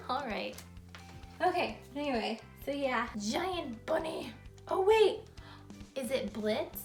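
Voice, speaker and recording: Giggly high-voiced woman gushing over toys. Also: expressive, slow pace, pauses often, roomy sound, faint music behind. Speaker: YouTube vlogger. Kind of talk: toy unboxing vlog.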